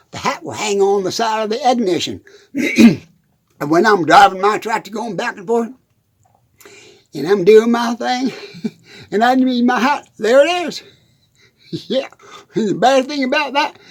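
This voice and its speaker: A man rambling through a comic monologue in a hot, dusty shed. He giggles through his words and keeps stumbling over them. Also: high-pitched. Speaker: country comedian.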